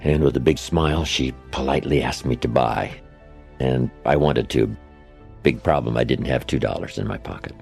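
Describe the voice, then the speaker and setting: Very deep gravelly older male speaker. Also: normal speed, darkish tone, faint music behind. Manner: anecdotal, conversational, with tag questions. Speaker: motivational speaker. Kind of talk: storytelling speech. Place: lecture setting, played from an archive recording.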